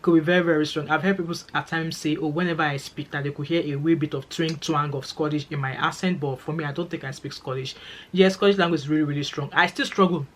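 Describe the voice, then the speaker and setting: A woman's voice: low voice, steady tone, fast talker. A woman with a Nigerian accent, vlogging in a chatty, emphatic way, repeating phrases for stress and speaking straight to her viewers. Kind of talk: casual talking-to-camera vlog.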